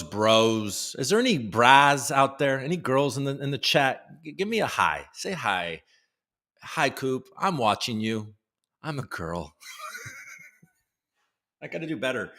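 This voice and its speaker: A man's voice: on the low side, a bit bright. A man hosting a livestream, reading news headlines aloud in a casual way with joking asides. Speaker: host.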